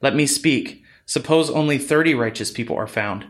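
A man's voice: mid-range voice, moderate pace, fairly bright tone, natural voice. A man reading the part of Abraham, a very old man pleading earnestly.

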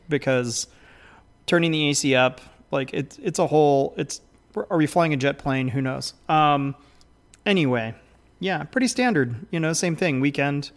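A man's voice: mid-range voice, unhurried. Guy co-hosting a podcast, rambly and dramatic, lots of ums, swears a little. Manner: rambling, theatrical, self-deprecating; many fillers, mild swearing. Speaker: podcast co-host. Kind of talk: casual podcast chat.

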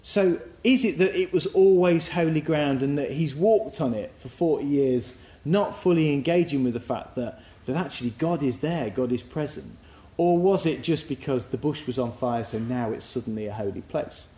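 A man's voice: fairly high pitch, moderate pace, few pauses, dark tone, reverberant. A man giving a sermon in a reflective, musing, conversational way. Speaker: preacher.

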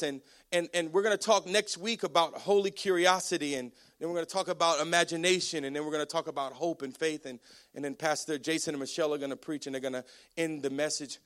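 Man, pastor, sermon, high voice, energetic storytelling, frequent restarts.

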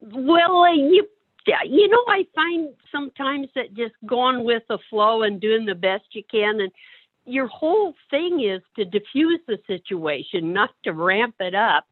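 A woman's voice: a little high, animated, measured pace, no room sound. A woman working as a caseworker, telling an anecdote in a conversation and acting out the other people's voices as she goes. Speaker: caseworker placing clients in homes. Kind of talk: storytelling in a conversation. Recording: tinny phone-like sound, dry.

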